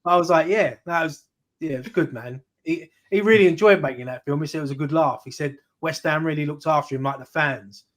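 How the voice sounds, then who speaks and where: Male football fan, higher pitched, loose storyteller. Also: brisk. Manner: rambling, anecdotal, swears casually. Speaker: fan channel co-host. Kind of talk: casual football chat.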